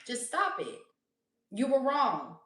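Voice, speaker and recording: A woman with a fairly high voice gives a casual tarot reading, blunt and full of swearing, often breaking into laughter. She sits back from the mic in a roomy, echoing space. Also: big pitch swings, takes it slowly, sharp tone. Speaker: tarot reader. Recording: roomy echo, voice distant from mic.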